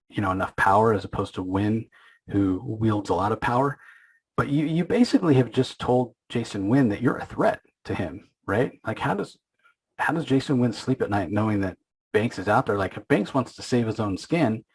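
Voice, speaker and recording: A man with a slightly low, husky voice talks through a comic issue in a loose, conversational way. He keeps stopping to restart his sentences and drops in little acted-out lines from the characters as he goes. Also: low-quality recording. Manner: retells scenes with quick acted quotes, many fillers and restarts. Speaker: comic book podcast host. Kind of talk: casual recap and commentary.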